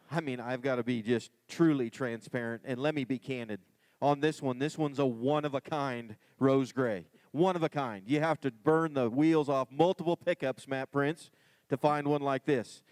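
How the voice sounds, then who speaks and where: A man announcing lots at an auction, giving enthusiastic, folksy sales pitches between bids. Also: fairly even intonation, moderate pace, darkish tone, no echo. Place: livestock auction ring.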